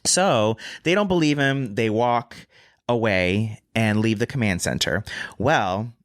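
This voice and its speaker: A speaker casually recapping a story on a podcast, animated and acting out the quotes. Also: medium pitch, slow pace.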